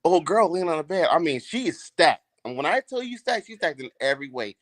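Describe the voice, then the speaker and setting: Animated male storyteller, loose and profane, very expressive pitch, dry mic. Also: brisk, no echo. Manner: animated, profane, laughs while telling. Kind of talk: casual podcast storytelling.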